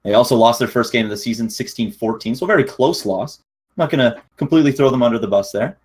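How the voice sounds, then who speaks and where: A man with a slightly husky voice co-hosting a casual gaming podcast from a home desk mic. He keeps things upbeat and jokey and laughs easily. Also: mid-range voice, fast talker, a little mellow. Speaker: podcast co-host.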